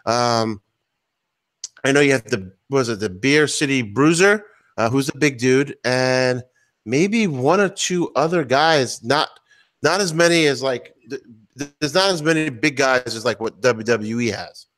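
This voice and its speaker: A man's voice: mid-range voice, fairly bright tone. Emphatic man co-hosting a podcast. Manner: emphatic, quick to agree and add detail. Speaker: podcast co-host. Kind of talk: casual chat.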